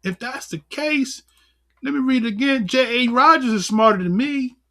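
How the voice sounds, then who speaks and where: A man's voice: very high voice, moderate pace. A man in the role of elder teaching a livestreamed class on scripture and history, speaking, full of rhetorical questions and chuckles. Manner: animated, rhetorical questions, chuckles, fumbles with notes. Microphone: computer mic on a livestream.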